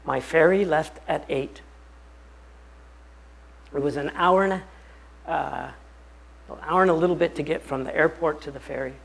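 A man, a pastor, telling a personal story during a bible study talk in an animated, anecdotal way. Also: fairly high pitch, a little slow, gravelly, long pauses, slightly rough, rough recording.

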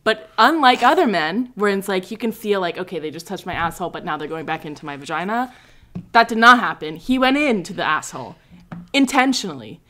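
A woman's voice: mid-range voice, sing-song, brisk, fairly bright tone. A young woman hosts a casual podcast chat. She tells her stories bluntly and with lots of animation. Her voice sits in the middle range. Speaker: podcast host.

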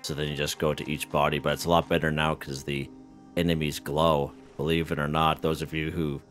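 A man with an extremely deep, low voice talks through his gameplay in a loose, rambling way, chuckling between thoughts. Faint music plays underneath him. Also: brisk. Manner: relaxed, chuckling, lots of fillers and restarts. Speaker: gaming channel host. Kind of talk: casual gameplay commentary.

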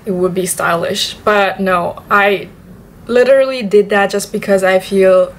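A woman's voice: medium pitch, unhurried. A young woman from southern China, a native Chinese speaker talking in English with a Chinese accent, chatting casually in a vlog and repeating words for emphasis. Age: young adult. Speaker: vlogger.

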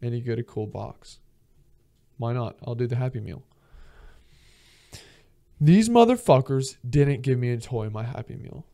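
A young man from Georgia hosting a podcast, telling travel stories in a casual, profane, animated way and acting out the people he quotes. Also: medium pitch, moderate pace, creaky, pauses often. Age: young adult. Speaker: podcast host. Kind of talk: casual storytelling monologue.

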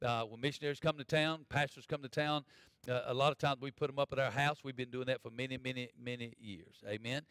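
A man preaching a sermon as pastor, folksy, swinging from loud preaching to quiet asides. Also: mid-range voice, steady tone, fast talker, no echo. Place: church.

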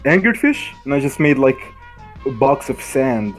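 A man's voice: medium pitch, fairly even intonation, moderate pace, a little mellow, soft background music. A young man co-hosting a casual stream about his game, laid-back and slangy. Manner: laid-back, slangy, says dude a lot. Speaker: game co-creator.

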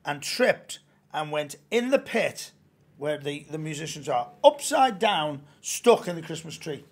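A man, a pantomime actor and broadcaster, telling lively stories with stammering restarts. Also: on the high side, unhurried. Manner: animated storyteller, stammering restarts. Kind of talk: anecdotal interview chat.

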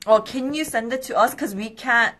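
A young woman hosting a live skincare quiz stream, bubbly and excitable, with quick apologetic asides. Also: fairly high pitch. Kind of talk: casual live-stream chat.

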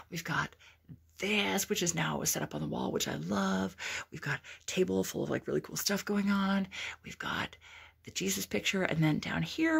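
A woman vlogging at home in a hushed, excited whisper, swearing casually as she shows things off. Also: on the low side, normal speed, gravelly, slightly rough. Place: indoors at home.

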